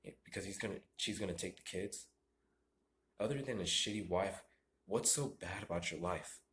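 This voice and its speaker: A man's voice: low voice, normal speed, fairly bright tone, a little hiss or hum. Rambling preachy young man in an echoey room. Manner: rambling, repeats and restarts, preachy. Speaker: vlogger. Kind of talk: ranting monologue.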